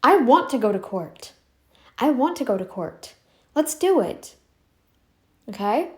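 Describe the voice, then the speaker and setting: Woman vlogger ranting to the camera, a bit high-pitched, keeps repeating herself, drawn out and pushy. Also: very animated, a little mellow. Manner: insistent and repetitive, drawn-out emphatic phrasing. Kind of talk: casual to-camera commentary.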